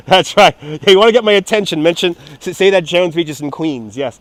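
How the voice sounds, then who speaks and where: Profane high-voiced New streamer. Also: male voice, fast talker, few pauses, no room sound. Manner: rambling, profane, laughing, reads out viewer chat. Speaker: live streamer. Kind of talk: casual walking livestream chat. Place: outdoors at a seaside amusement park. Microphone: phone on a handheld gimbal.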